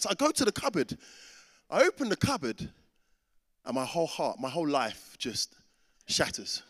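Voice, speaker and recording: Animated pastor in a reverberant hall. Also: male voice, fairly high pitch, normal speed, breathy edge. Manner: animated storyteller who acts out the voices in his story. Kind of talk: sermon with a personal story.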